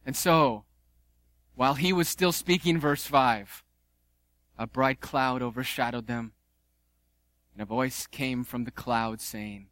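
A man preaching a sermon, animated and conversational, with playful asides. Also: medium pitch, takes it slowly, long pauses, dry recording. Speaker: pastor.

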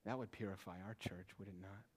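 A male pastor preaching a sermon in a church, swinging between quiet, hushed lines and raised, emphatic ones. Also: low voice, steady tone, fairly quick, breathy edge.

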